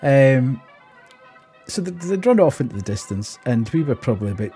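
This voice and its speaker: A man's voice: mid-range voice, expressive, a little slow, long pauses, dark tone, soft background music. A man, streaming and telling an exasperated story in casual chat while laughing often.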